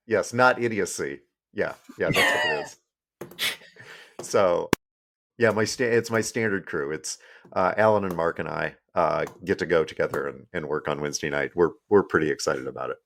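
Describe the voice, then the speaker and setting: A man's voice: low-pitched, sing-song, normal speed, creaky, a bit bright. A man co-hosting a podcast, chatting casually and joking, trailing off with fillers. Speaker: podcast co-host. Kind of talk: casual chat.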